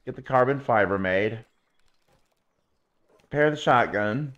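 A man's voice: medium pitch, measured pace, fairly bright tone, lo-fi sound. A man streaming a video game, chatting to viewers and cooing baby talk at his in-game pet. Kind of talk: casual gameplay commentary.

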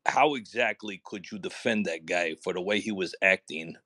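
Needling low-voiced caller with Italian accent. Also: male voice, normal speed, sharp tone, dry recording. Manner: needling, sarcastic, repeats "right?". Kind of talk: combative call-in questioning.

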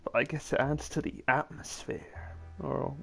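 A man streams a game from home, commenting in a dry, self-mocking mumble. His delivery is slow and unhurried, with a gravelly fry in a slightly higher-than-usual voice. He sounds offhand and deadpan throughout. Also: soft background music. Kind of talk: casual live-stream commentary.

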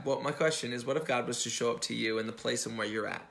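Conversational preaching man, middle pitch. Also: fast talker, vocal fry, hardly any pauses, fairly bright tone. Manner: conversational preaching with restarts and self-corrections; acts out the dialogue from the story. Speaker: pastor. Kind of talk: sermon.

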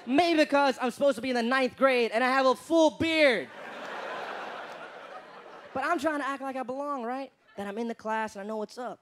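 High-voiced profane stand-up comedian. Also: male voice, slight background noise. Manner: animated, profane, mocking. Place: comedy stage before a live audience. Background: audience laughter.

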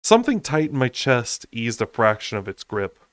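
A man's voice: mid-range voice, very animated, normal speed, no echo, studio quality. A man reading a fantasy novel aloud in an unedited take, with occasional slips and asides. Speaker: audiobook reader.

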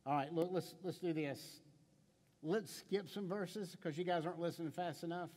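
A man's voice: on the high side, normal speed, darkish tone, big-room sound. A middle-aged man pastor preaching a sermon in a conversational way, with stammered restarts, rhetorical questions and playful stories. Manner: playful storytelling with acted quotes. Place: church sanctuary.

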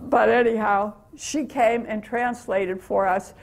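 A woman's voice: a little high, fairly even intonation, takes it slowly. An older American woman telling stories of her mission trip to a church meeting, chatty and laughing often. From USA. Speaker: guest speaker.

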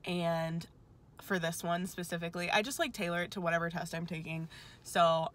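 A woman's voice: fairly low pitch, steady tone, a bit bright. A young woman, rambling and emotional as she vlogs just after finishing an exam. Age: young adult. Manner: rambling, emotional, talks in quick asides. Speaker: vlogger. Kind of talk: casual vlog chat. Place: outside a testing center.

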